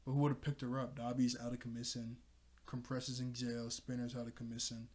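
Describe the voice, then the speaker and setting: A man's voice: medium pitch, monotone, a little fast, a little mellow. Rambling man recapping a comic chapter. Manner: rambling, self-correcting, frequent ums, laughs to himself. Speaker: manga reaction host. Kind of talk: casual recap and review.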